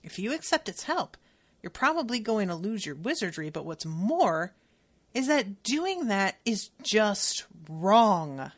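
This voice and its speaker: Blunt swearing teen boy wizard, read by a woman, pushy and loud. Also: mid-range voice, sing-song, takes it slowly. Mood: earnest. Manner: forceful, profane, insistent.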